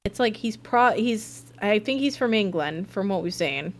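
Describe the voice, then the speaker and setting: A young woman streaming a mystery game, chatting casually and thinking out loud as she plays. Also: mid-range voice, expressive, normal speed. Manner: chatty, thinking aloud, jumping between thoughts. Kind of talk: casual live-stream commentary.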